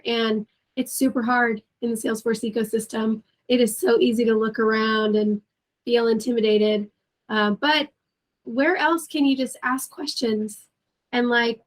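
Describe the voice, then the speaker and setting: A woman in a casual panel chat, talking in a candid, self-deprecating way. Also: fairly high pitch.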